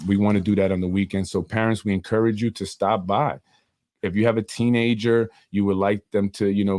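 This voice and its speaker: Earnest low-voiced man, rambling solo podcast. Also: darkish tone, no room sound, clean studio sound. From Yonkers, New York. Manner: earnest, rambling, heavy on fillers. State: emotional, voice softening. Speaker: podcast host and community organizer.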